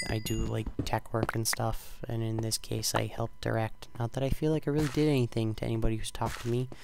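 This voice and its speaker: A teenage boy casually commentating his own gameplay, rambling and self-deprecating, with sudden loud outbursts. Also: mid-range voice, noisy background. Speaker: gaming channel host.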